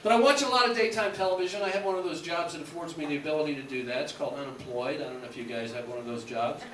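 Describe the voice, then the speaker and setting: A man's voice: on the high side, racing, fairly bright tone, roomy sound, recorded from a distance, slight background noise. A man, a radio host, doing stand-up comedy on a club stage in a rambling, nostalgic style.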